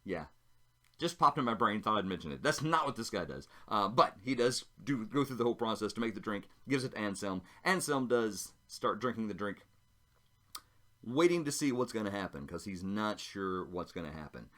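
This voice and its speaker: A man's voice: fairly low pitch, lively intonation, moderate pace, pushed and bright. A man narrating a solo tabletop role-playing game, chatting casually and thinking aloud as he rolls dice.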